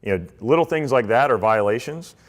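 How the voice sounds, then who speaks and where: A man, a swim coach, giving a relaxed, conversational talk to athletes and parents, with many fillers. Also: mid-range voice, a little fast. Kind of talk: informal presentation. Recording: reverberant hall.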